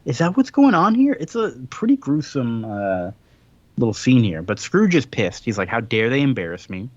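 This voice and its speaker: A man co-hosts a relaxed podcast, walking through a comic's plot. He slips into quick voices for each character. His voice sits mid-range on a dry, slightly dull recording. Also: medium pitch, dry recording. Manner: animated retelling with quick put-on character voices. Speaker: podcast co-host. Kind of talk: casual chat recapping a comic.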